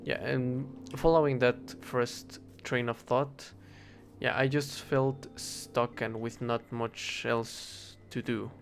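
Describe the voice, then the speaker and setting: Young man, mid-pitched, rambling chat over a game with faint music under it, stops and restarts a lot. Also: fairly even intonation, slow pace, vocal fry. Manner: rambling, hesitant, self-correcting, swears casually. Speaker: English teacher. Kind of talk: casual rambling talk while gaming.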